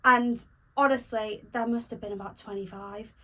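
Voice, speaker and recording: A young woman co-hosting a podcast, telling stories in casual chat in an animated, teasing way. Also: fairly high pitch, moderate pace, rough recording. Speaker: podcast co-host.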